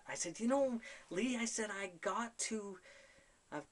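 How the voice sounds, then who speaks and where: A man's voice: high voice, normal speed. A man telling a personal story to camera, animatedly quoting conversations and laughing at himself. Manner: animated, quotes conversations in his own voice. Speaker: spiritual storyteller.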